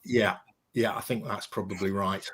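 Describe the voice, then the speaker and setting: A man's voice: on the low side, fairly even intonation, normal speed, a bit bright, breathy edge. A man co-hosting a casual talk show, presenting comics with a hesitant, um-filled delivery. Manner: hesitant, many ums, reads from a database. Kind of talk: casual chat.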